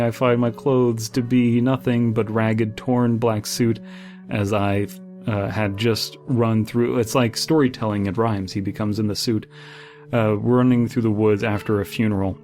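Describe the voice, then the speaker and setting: A man's voice: on the low side, little pitch movement, a little slow, a little mellow. A man reading a horror story aloud and breaking off into sarcastic, exasperated commentary full of fillers. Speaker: horror story reader and critic. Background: faint background music.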